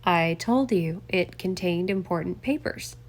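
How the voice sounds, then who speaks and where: A woman doing a slick male politician. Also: a little slow. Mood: defensive. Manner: courteous, then low and threatening. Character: smooth middle-aged male politician turning menacing.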